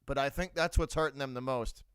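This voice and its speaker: A man's voice: mid-range voice, brisk, smooth, no room sound. A man with a Boston accent hosting a live sports reaction stream, talking bluntly and repeating his points. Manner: blunt, repeats himself, shouts out viewers. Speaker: livestream host.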